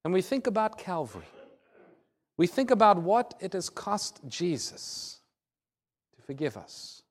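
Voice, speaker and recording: A man preaching a sermon, telling a personal story in an earnest way and dropping to a soft, low voice in tender moments. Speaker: pastor.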